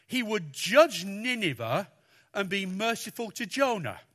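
A man preaching a sermon, talking through a Bible passage with lots of expression and acting out the lines he quotes. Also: a little slow. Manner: expressive, animated, acts out quotes with raised pitch.

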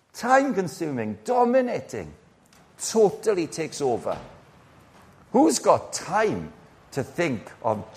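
Animated preacher in his sixties. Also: high voice, vocal fry. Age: 60s. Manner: lively, conversational, rhetorical questions, playful asides. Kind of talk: sermon.

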